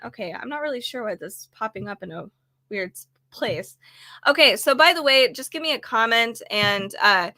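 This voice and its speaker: A chatty woman vlogging from her home office, talking through products in a loose, rambling way and poking fun at herself. Her voice sits a bit high and bright, though it's slightly frayed, and it's recorded dry and close on a desk mic. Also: dry recording. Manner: chatty, rambling, self-deprecating. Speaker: booktuber showing sale items. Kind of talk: casual product vlog. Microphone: desk microphone on camera.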